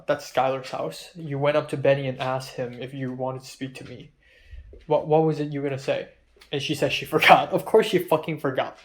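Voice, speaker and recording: A young man recording a diary-style vlog, rambling and frustrated, swearing often as he retells an argument. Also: on the high side. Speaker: vlogger.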